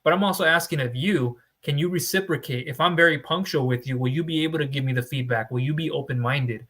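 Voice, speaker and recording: Bright-voiced blunt male funding broker. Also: a little high, fast talker. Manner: blunt, lecturing tough-love delivery with rhetorical questions. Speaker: small business funding broker. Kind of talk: direct-to-camera advice talk.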